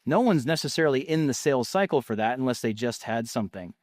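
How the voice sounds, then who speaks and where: Guy pitching marketing tips, pumped and chatty, medium voice, really dry sound. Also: fast talker, dry recording. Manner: energetic, salesy, conversational. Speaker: marketing speaker. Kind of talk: casual teaching talk.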